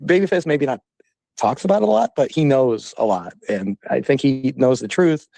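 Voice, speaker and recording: A man hosting a casual online talk, ranting in a profane, rambling and animated way. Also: mid-range voice, normal speed, gravelly, no room sound. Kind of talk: casual heated chat.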